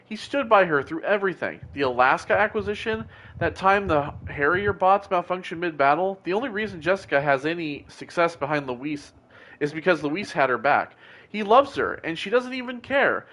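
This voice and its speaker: Brief: a man playing a fired-up superfan, pitch swooping wildly, emphatic rant. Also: animated, normal speed, a bit bright. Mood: indignant. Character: indignant obsessive reality-show fan, ranting.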